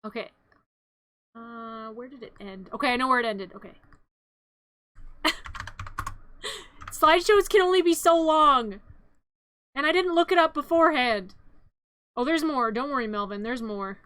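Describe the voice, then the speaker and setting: A playful woman streamer recaps a film for laughs, wandering off into asides as she goes. Her voice is high and sharp, and it sounds close and dry. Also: measured pace, pauses often, smooth, no echo. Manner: playful, rambling, self-interrupting asides. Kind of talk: comic live-stream retelling of a film.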